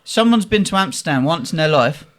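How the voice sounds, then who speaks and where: A man's voice: fairly high pitch, fairly quick. A man, hosting a podcast and telling anecdotes in casual chat, acting out the voices of the people in his stories. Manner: animated, acts out voices in anecdotes. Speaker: podcast host.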